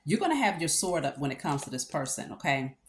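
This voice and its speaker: A woman with a low voice talks through a tarot reading in an easygoing, conversational way. She stops often to check in with her listener and fills the pauses with casual asides. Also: sing-song. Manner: conversational, with fillers and check-ins. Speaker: tarot reader.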